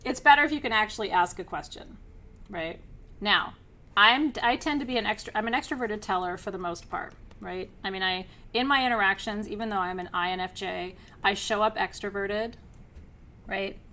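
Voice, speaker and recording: A middle-aged woman teaching a class, energetic and outgoing, who laughs often and keeps checking in with her listeners. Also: medium pitch, normal speed. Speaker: spiritual teacher leading an online class. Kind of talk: teaching a live class to students.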